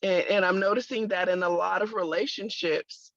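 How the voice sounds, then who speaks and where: A woman's voice: medium pitch, fairly even intonation, normal speed, fairly bright tone, no echo. A woman sharing a personal testimony in conversation, telling it emphatically with religious exclamations. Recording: dull lo-fi, dry sound.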